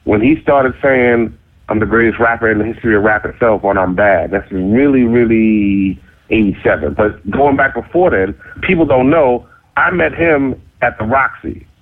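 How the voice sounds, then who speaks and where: Husky New man telling a story on a phone-like line. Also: moderate pace. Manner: animated, acts out other voices in high squeaky tones; cocky, self-mocking. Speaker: interview guest. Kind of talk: casual storytelling. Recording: phone-like narrow sound.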